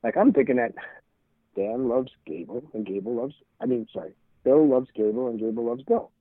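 A man's voice: mid-range voice, very animated, normal speed, dry recording. Middle-aged guy rambling through a story, repeats himself a lot, tinny phone-ish sound, dry. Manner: rambling, repeats words, acts out quoted dialogue. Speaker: interview guest. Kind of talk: casual storytelling.

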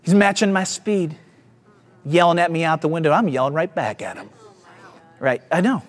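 A man's voice: fairly high pitch, expressive, moderate pace, faint music behind. A pastor with a Southern US accent, preaching and telling a self-deprecating story to his church. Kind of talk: sermon.

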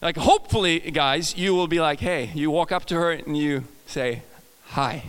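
A man's voice: on the high side, moderate pace, clean tone, long reverb tail. A man with a Swedish accent preaching a casual, joking sermon, often restarting his sentences and talking to the audience. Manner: chatty, self-correcting, jokes with the audience.

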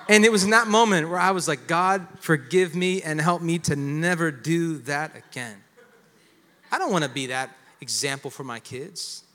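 A man in his thirties, a pastor preaching a sermon, talking conversationally and building to loud exclamations. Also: on the high side, in a large hall. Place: church sanctuary with long reverb.

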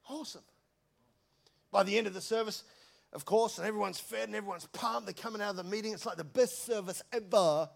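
High, gravelly New preacher. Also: male voice. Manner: energetic, conversational, jokey storytelling. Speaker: pastor. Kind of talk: sermon.

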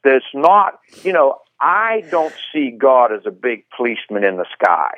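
Animated, joking man on a radio interview. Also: medium pitch, lo-fi sound. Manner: animated, joking, quick asides. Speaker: guest speaker.

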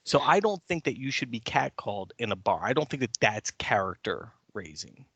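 An American man co-hosting a podcast in lively casual chat, animated and opinionated. His tone is bright and forceful. He is recorded close on a dry mic. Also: medium pitch, normal speed, creaky, breathy edge, dry recording. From United States. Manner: animated, acts out quotes with loud shouting. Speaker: podcast co-host.

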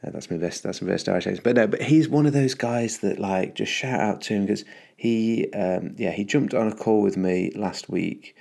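Upbeat podcast host, very low voice with gravelly fry, rambling and full of ums. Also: male voice, moderate pace, darkish tone. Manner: rambling, upbeat, many fillers and restarts. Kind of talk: casual solo podcast monologue.

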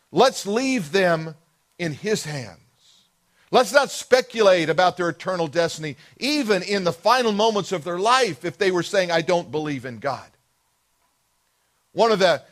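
A man preaching a sermon as pastor, earnest and expressive, slowing down for emphatic pauses. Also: high voice.

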